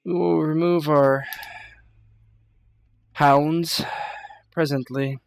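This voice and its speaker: A man's voice: a little high, steady tone, very slow, gravelly, full character voice. A man voicing a proud female desert priestess who speaks in a formal, aloof way. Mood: cool, formal.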